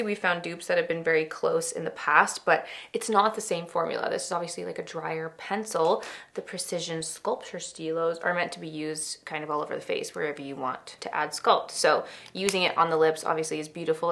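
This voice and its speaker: Young female beauty vlogger, gushing and chatty, with a creaky voice, talking through her makeup at home. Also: on the low side, a bit bright. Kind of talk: casual makeup tutorial chat.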